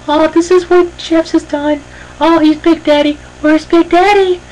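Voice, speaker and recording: A man mockingly putting on a gushing wife giving a house tour, in a shrill falsetto. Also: flat delivery, unhurried, darkish tone, slight background noise, rough recording.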